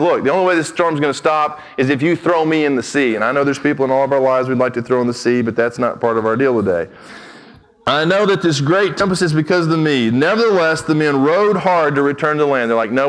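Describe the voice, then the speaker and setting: A man's voice: medium pitch, poor audio. A man preaching a sermon, reading scripture aloud and breaking off into direct, emphatic asides to his listeners. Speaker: pastor.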